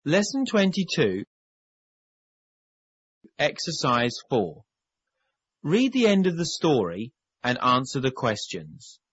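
Male course-tape narrator, very slow and deliberate, husky, dull lo-fi tape sound. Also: mid-range voice, huge pitch swings, a bit bright, no room sound. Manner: slow, careful enunciation for learners. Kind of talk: slow scripted English lesson instructions.

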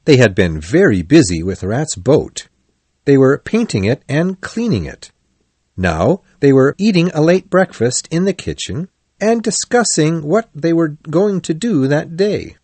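A man narrating a children's story for learners in a clear, expressive way. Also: on the high side, a little slow, no echo.

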